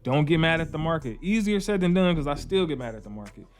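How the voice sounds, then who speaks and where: A man's voice: a little high, big pitch swings, fast talker, faint music behind. A man, teaching trading in a casual screen-share tutorial with informal, repetitive talk and slangy asides. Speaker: trading educator.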